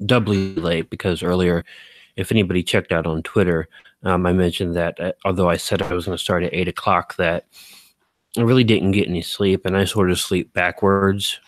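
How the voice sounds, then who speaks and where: Man, low voice, casual streamer chat, rambling, many ums and restarts, self-mocking, dry sound. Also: fairly even intonation, moderate pace, no echo. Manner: rambling, full of fillers and self-corrections; self-deprecating, chatty. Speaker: live streamer. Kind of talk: casual live-stream chat, reading viewer comments.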